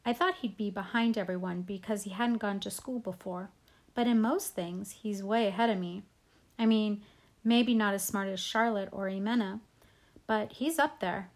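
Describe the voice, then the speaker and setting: A woman's voice: mid-range voice, normal speed. Woman reading a first-person audiobook. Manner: casual, conversational storytelling. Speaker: audiobook reader.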